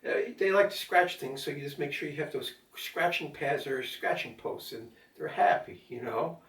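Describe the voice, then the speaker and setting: An older vlogger with a voice on the high side sounds animated and a bit bright, talking at a normal pace. Stuck at home in a power outage, he rambles on with lots of fillers and keeps speaking to his cat. The sound is echoey, recorded from a mic placed far away.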